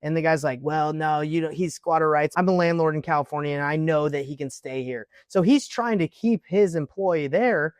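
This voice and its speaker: A man's voice: fairly high pitch, normal speed, few pauses, smooth, no echo, studio quality. A man, a real estate investor, casually telling a story to camera and acting out the dialogue with lots of "like". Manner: lively retelling with quoted dialogue, frequent "like".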